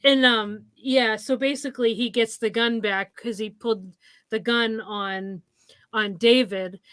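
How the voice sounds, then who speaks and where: A woman co-hosting a horror film podcast, recounting scenes haltingly with many ums and restarts. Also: fairly high pitch, steady tone, fairly bright tone, dry recording. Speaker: podcast co-host. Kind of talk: casual movie recap chat.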